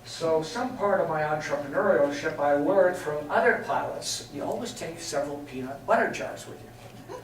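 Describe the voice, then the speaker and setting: An older man from England gives a chatty, anecdotal talk, his voice sitting a little high for a man. He is picked up from a distance in a very echoey hall, with a faint hiss of noise underneath. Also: animated, moderate pace. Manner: anecdotal, chatty, laughs at his own stories. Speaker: guest speaker. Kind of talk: storytelling talk. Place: meeting hall.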